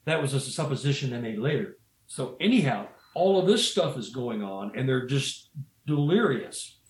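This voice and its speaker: A man's voice: mid-range voice, sing-song, normal speed. A man telling a story in a casual, rambling way, often restarting his sentences and saying "you know.". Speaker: guest storyteller. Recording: roomy echo.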